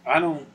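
A man's voice: on the high side, fairly bright tone, recorded from a distance, a little hiss or hum, low-quality recording. A man talking as a spiritual consultant in a casual, rambling, folksy way, often acting out voices in his stories.

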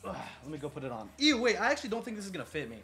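A man's voice: high voice, sing-song, rapid-fire, pushed and bright. Young guy streamer rambling to chat, swears a lot, faint music behind. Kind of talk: casual live-stream chat.

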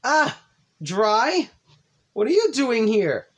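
A man's voice: very high voice, slow, breathy edge, voice pushed up, heavily acted. A man voicing a cheerful, bubbly teenage girl in a visual novel read-through. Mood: excited. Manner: squealing and excited.

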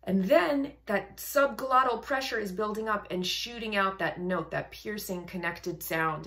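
A woman's voice: fairly low pitch, a bit bright. A woman vocal coach giving admiring music reaction commentary, explaining singing technique in detail.

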